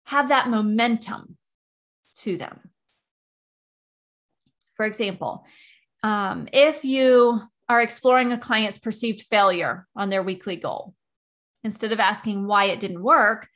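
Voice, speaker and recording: A woman with a fairly high voice hosts a coaching podcast, calmly explaining questioning techniques in an instructional monologue that leans on everyday analogies.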